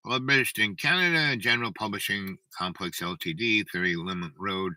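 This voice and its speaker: Older male streamer, rambling storyteller, very bright tone, dry close sound. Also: fairly low pitch, a little fast, no room sound, low-quality recording. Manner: rambling, keeps asking "right?". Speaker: livestream host. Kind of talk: rambling storytelling to a live chat.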